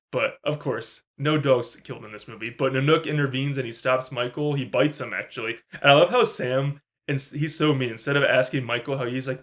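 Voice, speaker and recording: A man's voice: medium pitch, steady tone, a little fast, a bit bright. A man co-hosting a podcast, chatting casually and eagerly about a film and acting out the characters' lines. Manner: enthusiastic, acts out characters' lines in quotes. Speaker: podcast co-host. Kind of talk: casual film review chat.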